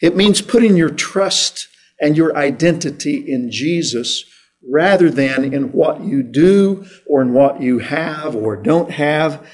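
A man preaching a sermon in a slow, deliberate way, pausing for emphasis. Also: on the high side, animated, a little mellow. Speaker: pastor.

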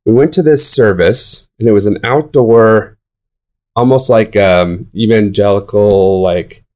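A young man in casual conversation, telling animated stories with many fillers and restarts. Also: fairly low pitch, a little slow. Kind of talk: casual chat.

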